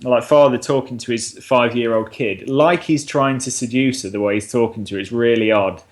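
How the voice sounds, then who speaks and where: A man in loose, casual podcast chat. He swears freely, laughs often and slips into quoted dialogue as he retells scenes. His voice sits at a middle pitch. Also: a little fast. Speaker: podcast co-host. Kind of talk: casual film review chat.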